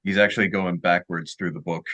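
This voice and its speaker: Deep-voiced man as game master. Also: a little fast. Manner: calm, descriptive. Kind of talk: tabletop game narration.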